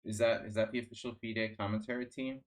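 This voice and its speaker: A man's voice: on the low side, flat delivery, fast talker. A man streaming chess, chatting casually in a rambling, sardonic way, full of restarts and fillers. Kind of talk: casual live-stream chat.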